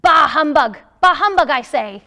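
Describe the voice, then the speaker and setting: A woman's voice: high voice, sing-song, takes it slowly, pitched above the performer's own voice, full character voice. A woman voicing a grumpy, miserly old man who grumbles and barks at everyone in a storybook read-aloud. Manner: loud, grumbling, barking outbursts.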